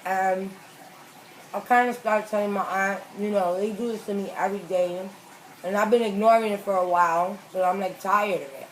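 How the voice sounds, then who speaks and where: A woman hosting a mukbang, telling a story in a casual, animated, slangy way and acting out the quoted lines. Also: medium pitch, normal speed, slight background noise, low-quality recording. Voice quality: animated, emphatic, slangy retelling with acted-out quotes. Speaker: mukbang host. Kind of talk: casual storytelling while eating.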